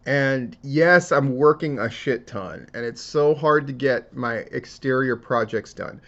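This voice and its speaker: A man's voice: medium pitch, a little slow, a bit bright, highs cut off. A man giving casual solo commentary on wrestling news, talking in a profane, rambling and emotional way. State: tearing up.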